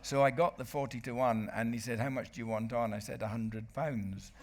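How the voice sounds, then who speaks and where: An older man, a rugby commentator and author, telling anecdotes to a live audience as a festival guest, lively and chuckling. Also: medium pitch, fairly quick, a little hiss or hum. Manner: lively raconteur, chuckling, bursts into re-enacted commentary. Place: book festival stage.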